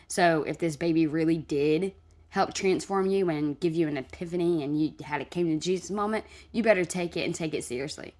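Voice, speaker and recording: A woman's voice: low voice, a little fast, a little mellow. Blunt, scolding woman reacting to clips. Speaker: commentary vlogger. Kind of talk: reaction commentary.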